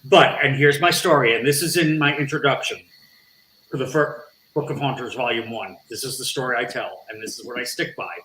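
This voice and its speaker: Animated storytelling man, bright voice. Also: mid-range voice, a little fast, roomy sound, a little hiss or hum, poor audio. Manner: animated storyteller, acts out quoted dialogue. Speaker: interview guest, nonprofit founder. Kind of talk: storytelling in casual interview.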